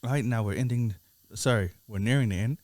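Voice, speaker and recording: A man co-hosting a casual music review podcast, talking in a laid-back, halting way and laughing often. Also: mid-range voice, darkish tone, dry recording. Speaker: podcast co-host.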